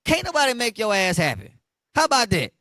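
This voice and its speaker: A man's voice: high voice, huge pitch swings, a little fast, bright, forceful tone, no room sound. A man preaching a street sermon, blunt and slangy, asking listeners to finish the verses.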